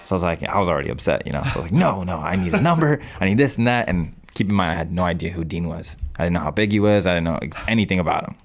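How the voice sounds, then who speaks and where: A man's voice: sits low, animated, very fast, hardly any pauses, a little hiss or hum. A man in his twenties, a podcast guest, telling a story in casual talk and acting out his own past phone calls. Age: 20s. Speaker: podcast guest, real estate investor.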